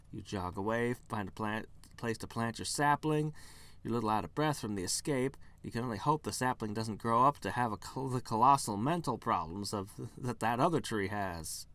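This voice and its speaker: A man's voice: fairly low pitch, animated, moderate pace, fairly bright tone, no room sound. A man hosting a game let's play, reading the game text aloud with wry, playful commentary.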